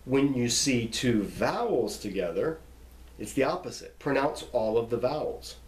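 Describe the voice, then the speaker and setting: A man's voice: mid-range voice, very animated, a little slow, a little mellow. A man giving an informal lesson on pronouncing biblical names, patient and given to repeating and spelling out words. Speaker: Bible teacher. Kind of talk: informal classroom lecture. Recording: echoey room.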